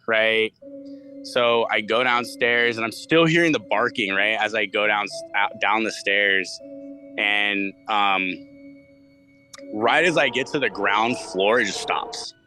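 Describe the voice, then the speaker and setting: A man's voice: lowish voice, sharp tone. A man in his twenties telling a personal spooky story in a rambling, casual way, full of fillers and swearing. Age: 20s. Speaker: guest storyteller. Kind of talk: casual spoken ghost story. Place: studio.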